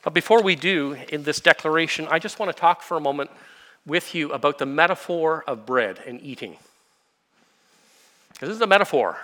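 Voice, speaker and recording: A man preaching a sermon, explaining scripture with everyday illustrations and rhetorical questions, swinging from quiet asides to fervent emphasis. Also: fairly high pitch. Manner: expository preaching, builds to impassioned emphasis then drops to quiet. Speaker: pastor.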